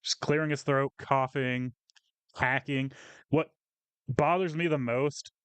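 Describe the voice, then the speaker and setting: A man's voice: medium pitch, fairly even intonation, slow pace, a bit bright, clean tone, dry recording. A man co-hosting a casual podcast, venting profanely about coworkers and acting out their lines. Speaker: podcast co-host.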